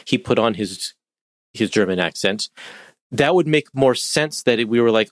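A man's voice: mid-range voice, animated, normal speed, no room sound, clean studio sound. A man giving matter-of-fact opinions in a casual podcast film discussion. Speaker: podcast co-host.

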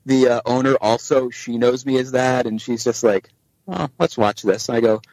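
On a podcast, a male guest with a medium-pitched voice tells a lengthy story in relaxed chat, performing each character's lines in a different voice. He talks at an ordinary speed, and the recording is rough, though free of room sound.

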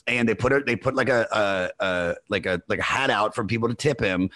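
A man hosting a music podcast in loose casual chat, rambling and excitable, swearing freely as he tells stories. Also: lowish voice, brisk, dry recording. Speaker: podcast host.

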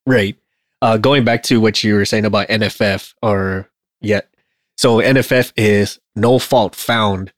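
A man's voice: on the low side, fairly even intonation, measured pace, dry recording, clean studio sound. A man who works as an aircraft line mechanic, chatting animatedly, swearing freely and laughing often. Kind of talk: casual shop talk.

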